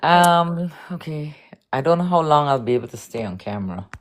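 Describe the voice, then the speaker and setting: A woman's voice: low voice, expressive, brisk. A woman joining a live stream as a guest reader, speaking in a friendly, supportive way.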